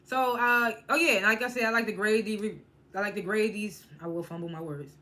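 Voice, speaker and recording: A woman's voice: mid-range voice, brisk, bright, forceful tone. A woman reviewing TV shows in a casual, chatty recap. She often stumbles and restarts her words and laughs as she retells scenes. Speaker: TV show reviewer.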